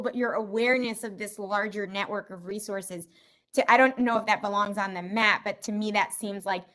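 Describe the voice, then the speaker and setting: A woman's voice: mid-range voice, fairly bright tone. A woman facilitating an online community meeting, chatty and self-deprecating, talking over a video call.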